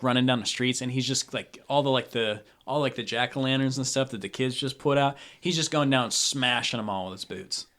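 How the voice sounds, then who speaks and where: A man's voice: mid-range voice, fairly bright tone. A man narrating a tabletop game as game master, rambling casually and laughing often.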